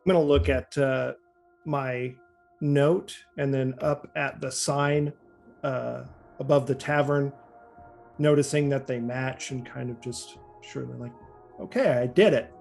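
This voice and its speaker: A man playing a tabletop game, slow and drawling. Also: medium pitch, level tone, vocal fry, a little mellow, soft background music. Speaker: player. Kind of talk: casual tabletop play.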